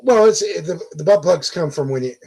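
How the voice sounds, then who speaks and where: A middle-aged man with a husky, slightly breathy voice, chatting on a live stream. He tells his stories in long, meandering runs. He swears freely and backs up to restart his sentences. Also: fairly high pitch, lively intonation, brisk, warm tone, poor audio. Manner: rambling, profane storyteller, restarts often. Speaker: guest. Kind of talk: casual live-stream chat.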